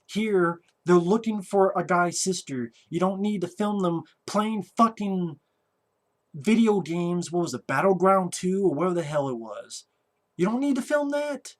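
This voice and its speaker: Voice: medium pitch, expressive, a little slow. A film reviewer giving a casual movie review rant, talking in a blunt, sarcastic way with a lot of swearing.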